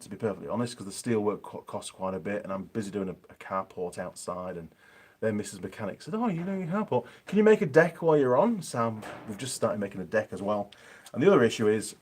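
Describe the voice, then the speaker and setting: A man's voice: lowish voice, slight background noise. A man with a Yorkshire accent chatting casually on a live stream from his home workshop, reading out viewer comments with plenty of ums.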